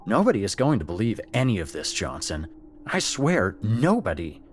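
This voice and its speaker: A man's voice: fairly low pitch, sing-song, moderate pace, slight background noise. A man doing a nervous mustached cop. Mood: disbelieving. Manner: nervous, insistent. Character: nervous mustached male police officer.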